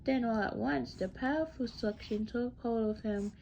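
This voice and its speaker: A woman reads a children's novel aloud at an unhurried, halting pace. Her voice is fairly high and mellow. The recording is dull and lo-fi, with a faint hiss behind her. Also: vocal fry. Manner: slow, halting reading with many restarts. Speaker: reader.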